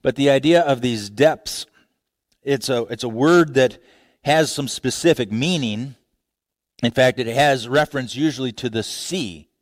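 A man preaching a sermon, expressive, with wide swings between low, quiet passages and raised, emphatic ones, often restarting his phrases. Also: measured pace, no echo, studio quality. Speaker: pastor.

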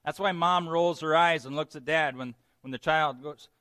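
Higher-voiced man preaching. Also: normal speed, no room sound. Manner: lively, joking teaching with playful asides. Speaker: pastor. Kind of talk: sermon.

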